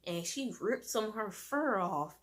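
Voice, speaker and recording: A woman's voice: mid-range voice, unhurried. Chatty woman rambling through a story. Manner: rambling, animated, many fillers and restarts. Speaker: vlogger. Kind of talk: casual storytime monologue.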